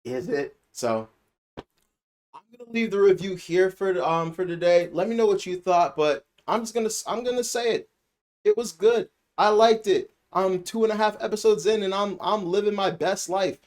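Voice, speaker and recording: A man's voice: high voice, moderate pace, a little mellow. A man hosting a casual spoken anime review, rambling and repeating himself for emphasis. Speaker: anime reviewer and channel host.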